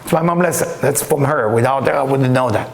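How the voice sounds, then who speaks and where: A man teaching a Kabbalah class, reading Hebrew texts aloud and explaining them with lively stories. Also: mid-range voice, brisk, creaky, slight background noise. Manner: animated, reads Hebrew text aloud and explains it. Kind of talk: lecture with storytelling. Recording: echoey room.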